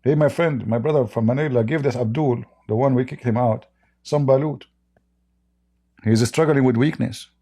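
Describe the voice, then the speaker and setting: A man's voice: mid-range voice, normal speed, warm tone, breathy edge. Mocking man hosting a debate. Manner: mocking and combative, broken English. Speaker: debate host. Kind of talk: live debate stream.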